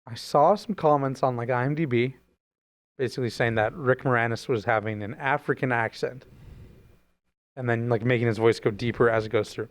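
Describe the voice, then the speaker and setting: A young man co-hosts a podcast, rambling and joking in loose, unscripted chat. His voice sits at a middling pitch, and he likes to tease. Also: fairly quick. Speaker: podcast co-host. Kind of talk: casual chat.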